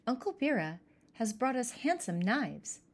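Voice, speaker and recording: A woman voicing an excited young child in a storybook reading, pitching up high and eager. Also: a little slow, husky, exaggerated voice.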